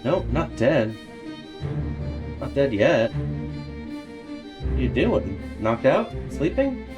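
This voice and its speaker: Casual gamer host, young man, mid-pitch, thinks aloud, excitable. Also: drawn-out words, dull audio, over music. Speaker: gaming video host. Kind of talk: casual game commentary.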